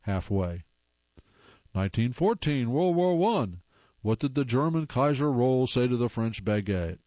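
A man reads corny jokes aloud in a casual, mid-pitched voice, pausing to groan wryly at the worst ones. The sound is dry with no room echo and a little muffled. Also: very animated, warm tone. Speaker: host reading jokes aloud.

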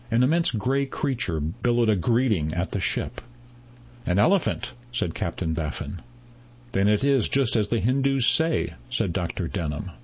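A man narrates a story at a slow, deliberate pace, his voice low and a little husky. The recording sounds slightly dull and lo-fi. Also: darkish tone. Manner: measured, unhurried storytelling with voiced dialogue.

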